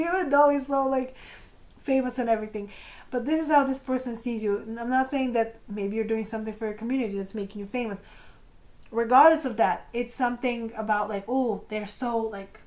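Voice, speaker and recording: Chatty tarot-reading woman, slightly high voice. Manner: chatty, animated, acts out quoted feelings; often laughs and trails off mid-sentence. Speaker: tarot reader. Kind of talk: intuitive tarot reading to camera.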